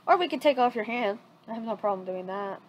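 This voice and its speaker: A woman's voice: fairly high pitch, animated, fairly quick, rough recording. A woman voicing a cocky, gleefully ruthless young boy ninja, speaking bluntly in a retold fan story. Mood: matter-of-fact. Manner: blunt, matter-of-fact.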